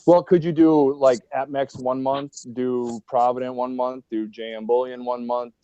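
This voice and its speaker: A man's voice: medium pitch, steady tone, moderate pace, warm tone, smooth, no room sound. A man with a Minnesota accent on a casual video call, joking around and asking lots of questions. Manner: jokey, asks many questions. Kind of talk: casual chat.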